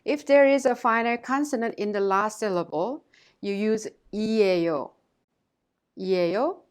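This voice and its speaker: A woman language teacher giving a scripted lesson, speaking clearly and carefully and saying words twice for learners to repeat. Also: medium pitch, moderate pace.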